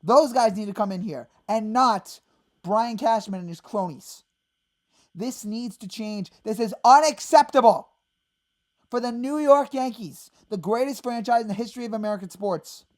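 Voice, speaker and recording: A woman hosting a fan channel, ranting in exasperation about her team and breaking into sudden shouted outbursts. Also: a little high, moderate pace. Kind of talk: angry fan rant.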